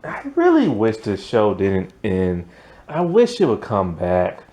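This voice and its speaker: A man's voice: on the low side, huge pitch swings, takes it slowly, mellow. A man giving a casual, rambling recap of a TV episode, peppered with "like" and laughing at the plot. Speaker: TV show reviewer.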